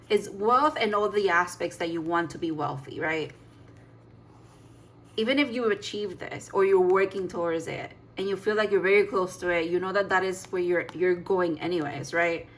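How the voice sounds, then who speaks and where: A woman giving a casual tarot reading, chatty and emphatic, laughing and sighing as she talks. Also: fairly low pitch. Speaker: tarot reader.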